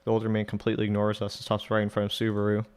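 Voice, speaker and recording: A man's voice: fairly low pitch, completely flat delivery, very fast, darkish tone, clear, resonant tone. A man casually reading and translating a visual novel aloud, with swearing asides. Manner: casual, swearing asides between read lines. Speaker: let's play narrator.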